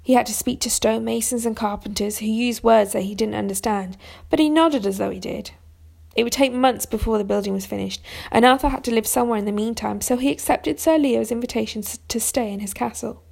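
Reading a children's storybook aloud, the narrator keeps a steady, even delivery at a brisk clip. Her slightly high voice has a gravelly fry, and now and then she trips over a word and starts it again.

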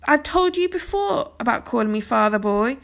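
A woman voicing a firm but kindly older lord who speaks with calm authority. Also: on the high side, moderate pace, creaky.

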